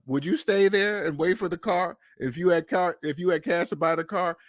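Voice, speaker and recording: Animated, profane man telling stories. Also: high voice, fairly quick, no room sound, studio quality. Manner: animated, profane, laughs at himself, acts out quotes. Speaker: podcast host. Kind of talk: casual storytelling monologue. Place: Seattle.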